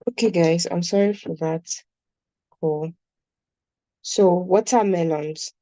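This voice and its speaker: Woman, Nigerian accent, German teacher, patient repetition, low dark tone, dry close sound. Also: no room sound, poor audio. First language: Nigerian English speaker. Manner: patient, repeats words slowly for students. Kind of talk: online class teaching.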